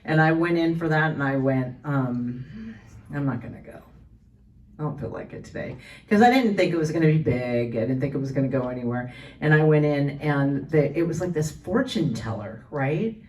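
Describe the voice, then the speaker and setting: A woman's voice: sits low, expressive, normal speed, darkish tone, a little hiss or hum. Chatty woman telling stories at a panel. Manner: chatty storyteller, many restarts and fillers. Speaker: voice actor panelist. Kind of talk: convention panel Q&A. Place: convention panel room. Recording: voice from far off the mic.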